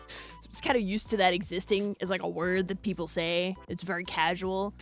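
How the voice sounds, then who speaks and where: A woman's voice: on the low side, steady tone, moderate pace, faint music behind. Giggly Midwestern streamer woman. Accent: Midwestern American. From USA. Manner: chatty, giggly, swears casually. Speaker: streamer host. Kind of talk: casual stream chat.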